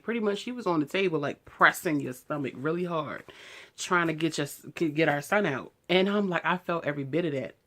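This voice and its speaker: Low-voiced woman in her thirties telling a story. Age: 30s. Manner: candid, animated retelling, heated when quoting herself. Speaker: beauty vlogger. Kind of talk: casual storytelling to camera.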